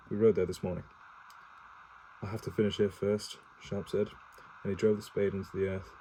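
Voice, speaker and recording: Casual home reader, male, low warm voice, stumbling plain read-aloud with self-corrections and cursing asides, no character voices. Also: flat delivery, a little fast, a little hiss or hum, rough recording. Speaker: reader reading a novel aloud to his partner.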